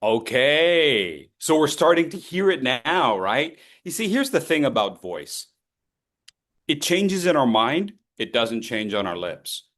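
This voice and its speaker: A man coaches people through an online public speaking workshop, shifting from loud to soft as demonstrations. His medium-pitched voice is slow and sing-song.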